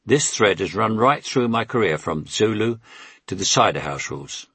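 A man's voice: on the low side, expressive, moderate pace, a bit bright, husky, no echo. A man in his eighties with a London Cockney accent, reading his memoir in a wry, conversational way. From England. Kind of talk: audiobook memoir narration.

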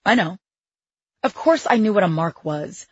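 A woman's voice: mid-range voice, sing-song, moderate pace, husky, dry recording, muffled recording. A woman reading her own memoir in the first person, with a wry, sardonic edge to her asides. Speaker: memoir narrator.

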